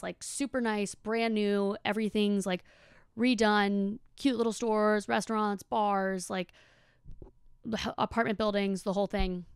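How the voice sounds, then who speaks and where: A woman's voice: medium pitch, creaky, smooth, no room sound, studio quality. A young woman hosting a podcast, telling a story in a chatty, casual way with lots of fillers and swearing. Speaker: podcast host. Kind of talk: casual monologue.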